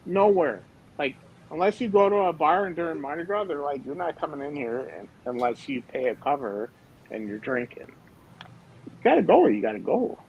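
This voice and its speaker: Animated storytelling man, lots of fillers. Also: a little high, fairly quick, narrow, tinny audio, slight background noise. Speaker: former police officer. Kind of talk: casual chat.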